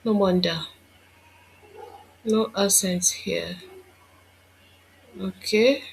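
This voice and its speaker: A woman's voice: mid-range voice, very slow, gravelly, slight background noise. A woman instructor giving a screen-recorded tutorial, thinking aloud and muttering to herself as she works.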